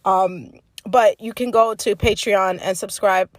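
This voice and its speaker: A woman hosting a podcast alone, talking casually in a blunt, profane way with sudden emphatic jumps in pitch. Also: steady tone, measured pace, no echo, clean studio sound. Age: older. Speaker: podcast host. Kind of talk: casual solo podcast monologue.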